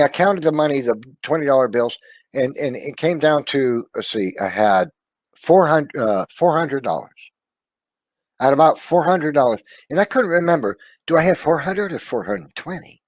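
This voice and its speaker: A man gives an emotional personal testimony in a mid-pitched, everyday voice. He sounds earnest and confiding, often letting his words trail off softly and checking in with his listener. The recording is close and dry. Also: no echo. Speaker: storyteller sharing a personal testimony.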